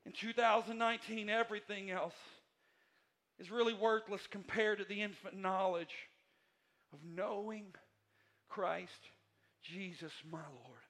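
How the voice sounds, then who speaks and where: A man preaching a sermon as pastor in a church, repeating his phrases emphatically and moving between quiet and loud passages. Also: high-pitched, fairly even intonation, measured pace, long pauses. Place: church sanctuary.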